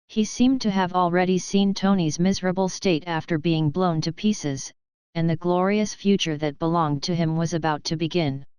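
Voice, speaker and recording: A woman narrating a novel in an even, steady way. Her voice is low and exceptionally smooth and clear. The recording is dry, with no room sound. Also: no room sound. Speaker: audiobook narrator. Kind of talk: scripted narration.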